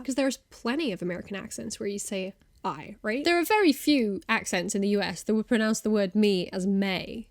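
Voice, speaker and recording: A woman's voice: mid-range voice, brisk, few pauses, no echo, studio quality. A young British woman vlogging, explaining things casually with playful asides and self-aware humor. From Britain. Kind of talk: casual explainer talking to camera.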